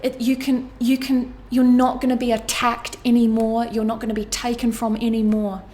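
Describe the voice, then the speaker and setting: A woman's voice: on the high side, level tone, moderate pace, warm tone. Earnest, emotional woman tarot reader. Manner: earnest, emotional, casually swearing, repeats phrases. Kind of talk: astrology tarot reading monologue.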